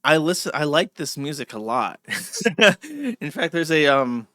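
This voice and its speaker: A man hosting a livestream talks in a loose, rambling monologue, drifting from story to story and speaking straight to his chat. His voice is bright and forceful. The sound is dry, with almost no room around it. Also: on the high side, very animated, measured pace, no room sound. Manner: rambling, digressive, addresses chat directly. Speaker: livestream host.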